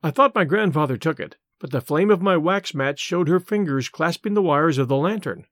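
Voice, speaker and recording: A man narrating an audiobook in a measured, expressive way. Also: a little high, dry recording, studio quality.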